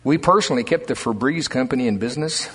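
An older man preaching a sermon, telling stories in a folksy, animated way. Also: medium pitch, fast. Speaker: pastor. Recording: husky voice with long hall reverb.

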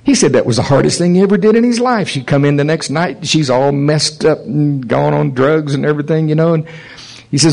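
A man's voice: a little high, fairly quick, creaky, rough recording. Male preacher telling stories in a sermon. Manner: animated storytelling, chuckles at his own stories. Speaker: pastor.

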